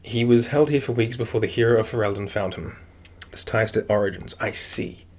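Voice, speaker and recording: A man with a lowish voice talks a little fast while streaming a video game. His chat is casual and rambling, full of "like" and "um" fillers, as he reads in-game notes aloud.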